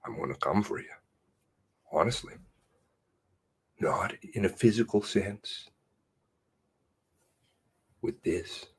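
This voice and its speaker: Angry male host, very low voice, wildly swinging pitch, swearing rant. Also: lively intonation, slow pace, long pauses, slightly rough. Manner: furious ranting, swearing, swinging from shouts to hushed mutters. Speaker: channel host. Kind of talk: angry commentary reading a news release.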